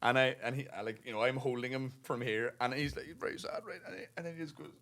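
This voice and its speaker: A man's voice: mid-range voice, fast talker, fairly bright tone, dry recording. A man of about thirty, a podcast co-host rambling through a funny story in casual chat, swearing and laughing as he talks. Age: 30s.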